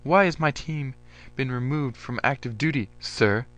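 A man's voice: medium pitch, unhurried, fairly bright tone, soft background music, pitched above the performer's own voice, close to an everyday voice. A man reading a story aloud, voicing a determined army major who is firm but respectful.

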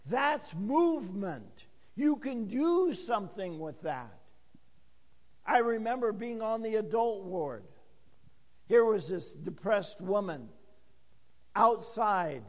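High-voiced older man preaching slowly. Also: big pitch swings, in a large hall. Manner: folksy storytelling with acted-out dialogue. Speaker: pastor. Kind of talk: sermon.

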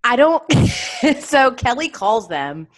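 Animated young woman spinning anecdotes. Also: takes it slowly, crowd noise. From Atlanta, US. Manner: animated, acts out her dad's voice with big pitch jumps. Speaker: sports TV anchor, podcast guest. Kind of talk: casual storytelling chat.

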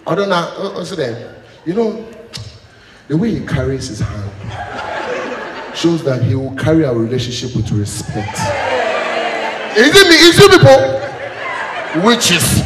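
A man doing live stand-up comedy on stage, loud and playful as he tells stories. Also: fairly high pitch, unhurried, pauses often. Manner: loud, animated, playful storytelling. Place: stage in a hall with audience. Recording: echoey hall with loud crowd noise.

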